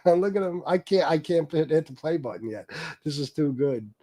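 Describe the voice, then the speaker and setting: A man's voice: a little high, expressive, normal speed, dark tone, no room sound, clean studio sound. A man hosting a livestream, commenting on a video in a casual, profane, laughing and sarcastic way. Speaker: livestream host reacting to a video.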